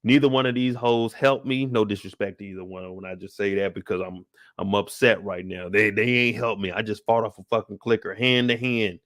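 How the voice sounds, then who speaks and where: Brief: young man, profane and animated show recapper, tired, sighing, dry close sound. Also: on the low side, fairly quick, no room sound. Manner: profane, acts out scenes with voices and sound effects. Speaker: YouTube show recap host. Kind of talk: animated casual recap commentary.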